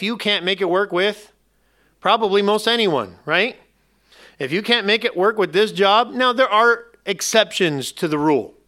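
A male pastor giving a sermon in a conversational, emphatic style, slipping in some humor. His voice sits a little high and sounds bright and forceful.

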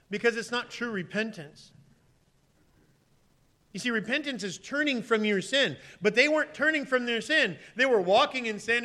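High bright voice, man preaching a sermon, animated, jumps into loud pleading voices then goes quiet. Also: moderate pace. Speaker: pastor.

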